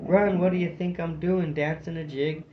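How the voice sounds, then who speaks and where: A man voicing a hot-tempered male Highland squirrel warrior in a storybook reading, with a brogue and boisterous banter. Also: fairly even intonation, normal speed, slight background noise, close to an everyday voice. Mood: indignant. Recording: dull lo-fi recording.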